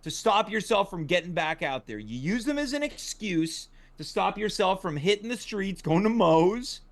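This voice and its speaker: A man's voice: high voice, big pitch swings, moderate pace. A man hosting a comedy talk show, wry and teasing, with a dry conversational delivery. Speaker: host.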